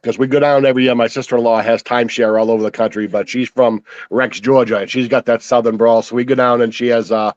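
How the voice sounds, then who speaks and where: A man's voice: medium pitch, fairly even intonation, fast, hardly any pauses, no room sound, highs cut off. A man with a Boston accent, telling stories in a casual chat. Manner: storytelling, chatty.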